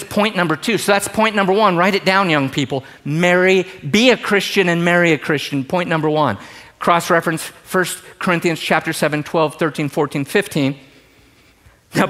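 Animated man preaching a sermon. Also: fairly high pitch. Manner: animated, jokey, shifts from loud emphasis to hushed asides. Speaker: pastor.

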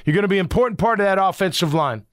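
Middle-aged ex-player hosting a sports podcast, a high-pitched guy who gets emphatic and rambles, dry mic. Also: expressive, racing, dry recording. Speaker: podcast host and former football player. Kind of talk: casual sports talk podcast.

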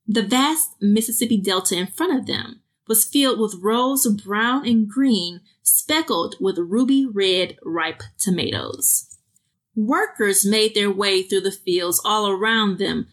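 Woman podcast host, chatty, talks to listeners directly, slow unhurried pace. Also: medium pitch, fairly bright tone. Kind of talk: casual chat and story reading.

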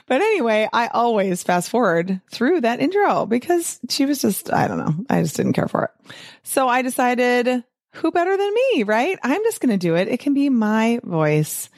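A middle-aged woman hosting her own podcast, talking in a chatty, upbeat way with quick asides and frequent laughs. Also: on the high side, wildly swooping pitch, darkish tone, no echo, clean studio sound. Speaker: podcast host, physician and weight-loss coach. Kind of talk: casual solo podcast talk.

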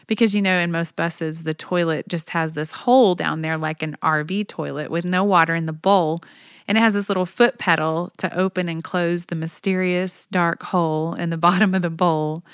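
Low, smooth-voiced mother telling tour stories. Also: steady tone, moderate pace, no room sound, clean studio sound. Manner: chatty, anecdotal, laughs often. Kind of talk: personal storytelling monologue.

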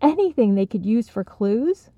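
A woman's voice: fairly high pitch, very animated, dark tone, no echo. A woman voicing an impatient young man. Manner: brisk, frustrated. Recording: slightly dull, dry recording.

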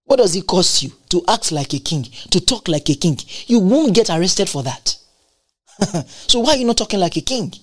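A woman's voice: on the low side, expressive, moderate pace, no echo. A woman preaching a sermon, emphatic and repetitive, asking rhetorical questions and laughing between points.

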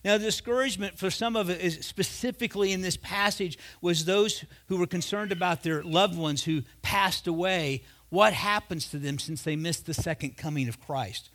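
A man in his fifties delivering a sermon as a pastor. He talks in a loose, conversational way, and his voice sits somewhat high for a man. He moves into personal stories and acts out the back-and-forth of the dialogue. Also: moderate pace, hardly any pauses, fairly bright tone. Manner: conversational storytelling, acting out dialogue.

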